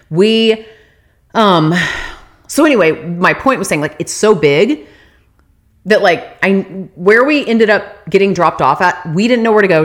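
Young woman rambling through a storytime, bouncy swingy voice, lots of likes, swears, gets shrill and loud when she rants. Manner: chatty, animated, heavy filler "like", swears casually; rises high and loud when ranting. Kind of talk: casual storytime.

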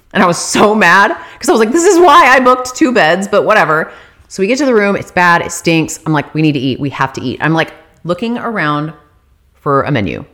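A woman telling a story on her vlog in a casual, animated and exasperated way, swearing freely. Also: lowish voice.

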